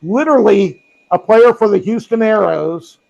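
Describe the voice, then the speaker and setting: Podcast co-host, male, high pitched with a gravelly edge, talks in loose anecdotes full of ums. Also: moderate pace, darkish tone, lo-fi sound. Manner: rambling anecdotes with many ums and restarts. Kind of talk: casual storytelling. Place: home with a robot vacuum running.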